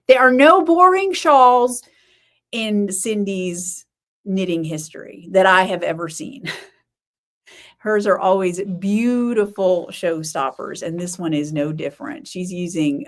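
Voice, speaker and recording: A woman hosts a casual live-stream chat in a slightly low voice. She rambles easily, with lots of ums and quick self-corrections. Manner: chatty, rambling, many fillers and self-corrections. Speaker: podcast host.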